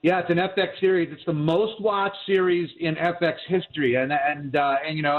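A man's voice: on the high side, fairly even intonation, moderate pace, few pauses. A man critiquing TV shows in casual chat, rambling with many restarts and fillers, and hiccuping as he talks. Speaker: TV critic guest. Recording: tinny phone line.

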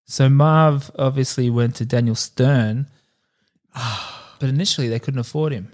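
Unhurried and somewhat dark in tone, a mid-range male voice co-hosts a podcast, mentioning that he's hungover. His casual chat is jokey and rambling, packed with fillers and laughter.

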